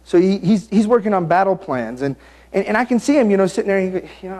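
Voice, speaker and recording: A man's voice: sits high, quick pace. A man preaching a sermon, acting out the story with jokes and asides. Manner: animated storytelling, acting out the scenes; joking and self-interrupting.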